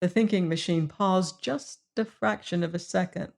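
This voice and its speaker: A woman reading a classic mystery story aloud as an audiobook narrator, in a measured style. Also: on the low side, creaky, darkish tone. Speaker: audiobook reader.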